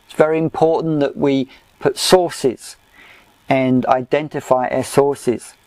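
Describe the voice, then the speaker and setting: A man teaching a Bible study lesson in a measured lecture style, often pausing with "uh" as he explains his chart notes. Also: medium pitch, fairly even intonation, a little mellow, dry recording. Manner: slow, measured, with frequent "uh" pauses.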